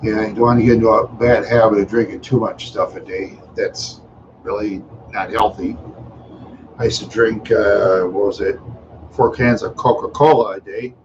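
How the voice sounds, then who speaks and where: A man's voice: lowish voice, fairly even intonation, normal speed, dull audio, noisy background. A tired, yawning man hosting a casual livestream chat, rambling along with many fillers and trailing asides. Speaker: livestream host.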